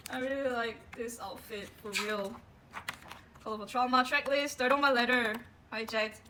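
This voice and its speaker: A woman unboxing a music album and gushing over it in a casual way, with frequent gasps and a drawn-out delivery full of fillers. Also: on the high side, background noise. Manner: excitable, gasps often, gushing. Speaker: vlogger.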